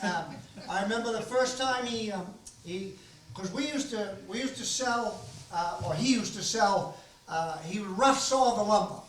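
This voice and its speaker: An older man from Maine tells stories to a room full of people, rambling and folksy, with plenty of ums and restarts. His voice sits fairly high. It comes from far off in a very echoey library room. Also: a little slow, fairly bright tone, slight background noise. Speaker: host of a storytelling gathering. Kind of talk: casual storytelling to an audience.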